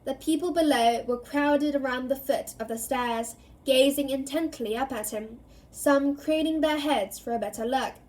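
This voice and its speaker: Woman reading a book aloud, expressive, kinda high voice, does all the characters. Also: normal speed. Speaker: reader.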